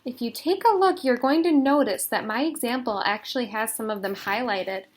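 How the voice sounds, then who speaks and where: A woman teacher giving a recorded phonics lesson to young children, patient and sounding out letter sounds slowly and deliberately. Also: fairly high pitch. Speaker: elementary school teacher.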